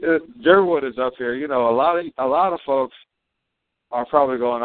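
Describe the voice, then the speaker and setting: A man's voice: mid-range voice, moderate pace. A man co-hosting a live call broadcast, chatting in a rambling way with fillers and frequent laughs. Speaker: co-host and company chairman. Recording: tinny phone-like dry sound.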